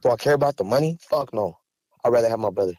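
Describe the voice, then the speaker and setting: A man's voice: mid-range voice, animated, racing, warm tone, no room sound. A man, speaking raw and profane in an emotional podcast interview. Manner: raw, angry, profane, rising to heated outbursts. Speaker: rapper and podcast guest. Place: podcast studio.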